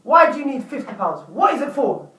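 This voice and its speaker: A man's voice: very high-pitched, sing-song, brisk, sharp tone, slight background noise, exaggerated voice. Man doing a stressed-out dad, stern and scolding, roomy sound. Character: overworked, irritable father. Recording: roomy, distant from mic.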